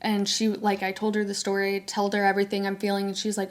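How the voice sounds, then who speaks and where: A woman's voice: mid-range voice, fast talker, few pauses. A young woman hosting a podcast, telling a personal story casually and acting out the voices of people she quotes. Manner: animated, acts out quoted voices. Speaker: podcast host.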